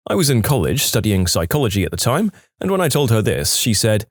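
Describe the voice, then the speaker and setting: Male narrator, reading online stories, wry, low voice, lots of pitch movement, dry close sound. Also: very animated, fairly quick, no room sound. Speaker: story narrator.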